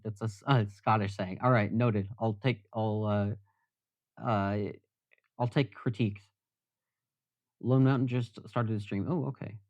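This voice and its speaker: A man's voice: lowish voice, steady tone, moderate pace, a little mellow, no room sound, lo-fi sound. A man casually chatting with viewers on a live stream, rambling and self-deprecating.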